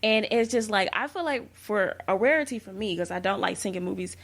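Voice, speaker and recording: A woman's voice: mid-range voice, fairly quick, fairly bright tone. A woman co-hosting a podcast, chatting casually about a film remake, with lots of fillers and restarts. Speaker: podcast co-host. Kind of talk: casual movie review chat.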